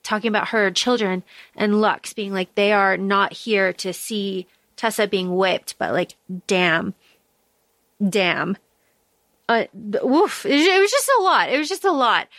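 A woman's voice: medium pitch, measured pace, a bit bright, no room sound. A woman co-hosting a podcast, chatting casually about a book, swearing freely and using lots of fillers. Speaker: podcast co-host.

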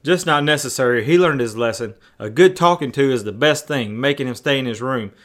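A man voicing an excitable, fussy grown man who sounds agitated and disbelieving. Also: medium pitch, a little fast, close to an everyday voice. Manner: agitated, incredulous.

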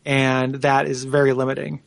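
A man's voice: medium pitch, completely flat delivery, normal speed, creaky, no room sound. A man co-hosting a video game podcast, chatting casually and rambling with many restarts and fillers. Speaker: podcast co-host. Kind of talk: casual chat.

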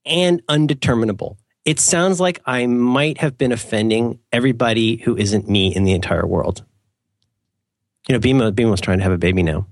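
A man chatting loosely as a podcast co-host, wandering off on tangents and poking fun at himself. He slips into mock-formal phrasing for jokes. The sound is dry and close, at a middling pitch. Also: a little fast, no echo. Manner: rambling, self-mocking, playful mock-formal asides. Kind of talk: casual chat.

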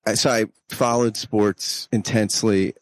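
A man's voice: on the low side, fairly even intonation, unhurried, no room sound. A male interviewer thinking aloud, restarting his sentences and repeating words. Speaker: interviewer, host. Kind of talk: casual interview talk.

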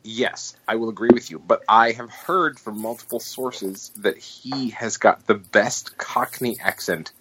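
A man chatting casually on a podcast, hesitant and self-correcting, quick to laugh. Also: fairly low pitch, a crowd in the background, low-quality recording. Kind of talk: casual chat.

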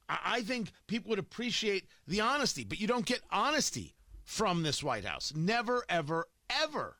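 A combative male host delivers opinionated political commentary, his voice sitting high and swinging widely in pitch. He hammers points home with rhetorical questions and repetition. The sound is bright and dry, close to the mic. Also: big pitch swings, normal speed, dry recording.

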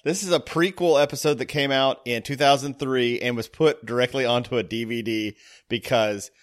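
A man's voice: mid-range voice, steady tone, moderate pace. Podcast guy goofing around, chatty, laughs a bunch. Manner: jokey, laughs a lot, rambling. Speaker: podcast host. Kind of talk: casual chat.

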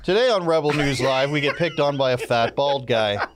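A man's voice: medium pitch, moderate pace, a little hiss or hum. A man hosting a live talk show, teasing his co-host in a wry, joking way and laughing easily. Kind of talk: casual live-show banter.

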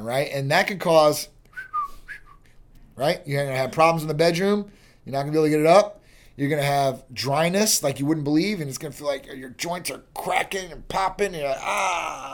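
A man hosting a clinic talk show, explaining health matters in a casual, chatty way that keeps checking in with "right?" and "you know". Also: fairly high pitch. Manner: chatty, repeats "you know" and "right?", acts out quick exchanges. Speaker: host of a medical clinic show.

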